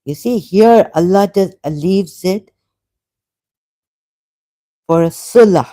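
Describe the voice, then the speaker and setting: A woman hosting a religious discussion, arguing point by point and repeating her words, often halting with restarts. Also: medium pitch, dark tone. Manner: argumentative, repeats words, then apologetic and halting. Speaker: channel host debating a caller. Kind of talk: heated religious debate.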